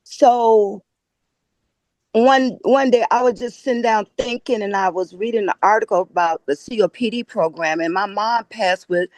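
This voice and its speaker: A woman guest with a Chicago accent, telling a lively story and acting out the quoted dialogue. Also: mid-range voice, moderate pace, no echo. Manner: animated, acts out quoted dialogue. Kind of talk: casual storytelling.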